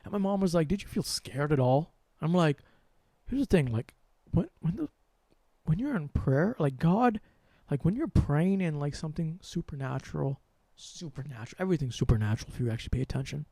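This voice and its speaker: Young male host, high gravelly voice, rambling and animated about spirituality, dry close mic. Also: brisk, dry recording.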